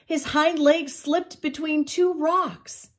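An older woman reading a children's storybook aloud in an expressive, unhurried way. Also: high-pitched. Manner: expressive, slow read-aloud.

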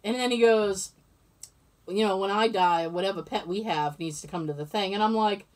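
Her medium-pitched voice moves at a measured pace with frequent pauses. She co-hosts a podcast, spinning stories in relaxed chat with lively energy and frequent laughter.

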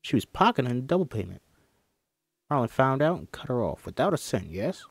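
A man's voice: mid-range voice, very animated, brisk, gravelly, husky, no echo, exaggerated voice. A man voicing a courtly, probing male detective in a screenplay table read, drifting in and out of a put-on accent. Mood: insistent.

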